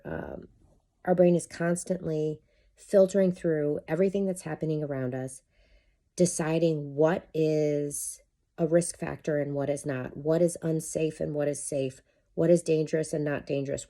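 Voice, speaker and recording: Brief: candid middle-aged female life coach, low mellow voice, casual swearing. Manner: candid, chatty, swears freely. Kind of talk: casual monologue to camera.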